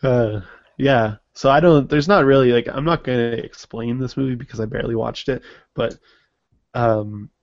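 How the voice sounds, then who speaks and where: A man's voice: medium pitch, moderate pace, no room sound. A young man in casual podcast chat, wry and sarcastic, often laughing at his own jokes. His voice is dry and close, with no room sound. The audio is dull and lo-fi. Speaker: podcast co-host. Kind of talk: casual movie review chat.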